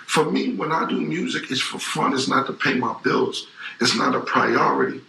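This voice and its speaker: Male interview guest, forties, emphatic and profane, edgy bright timbre with some fry, roomy room sound. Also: medium pitch, normal speed, a little hiss or hum. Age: 40s. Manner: emphatic, repetitive, profane street talk. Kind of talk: casual interview talk. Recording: roomy echo.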